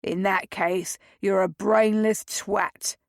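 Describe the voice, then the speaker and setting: A woman's voice: mid-range voice, steady tone, a little slow, dry recording, clean studio sound, close to an everyday voice. A woman voicing a cold, emotionless man who barks his orders and threats. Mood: contemptuous. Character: icy, soulless male servant with a pistol.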